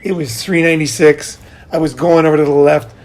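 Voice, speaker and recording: Middle-aged male host, fairly high voice, lively storyteller who laughs mid-sentence and swears casually. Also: fairly quick. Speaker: podcast host.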